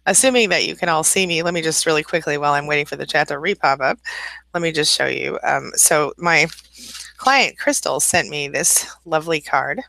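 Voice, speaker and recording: A woman's voice: low-pitched, a little fast, creaky, sharp tone, no room sound. A woman hosting a casual live-stream coaching chat, laughing often, greeting viewers by name and giving encouraging advice. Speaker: life coach and channel host.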